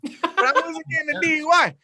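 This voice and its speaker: A man's voice: very high-pitched, fairly quick, a crowd in the background. A man doing stand-up on a virtual comedy show, ranting with lots of swearing and acting out other people's voices over a video call. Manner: profane, animated ranting with acted-out voices. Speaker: stand-up comic.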